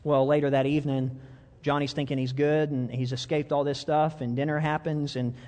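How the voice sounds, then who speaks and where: Animated, high-voiced preaching man. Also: a little fast. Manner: animated storyteller, repeats words, chuckles often. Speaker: pastor. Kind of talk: sermon. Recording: long reverb of a big hall.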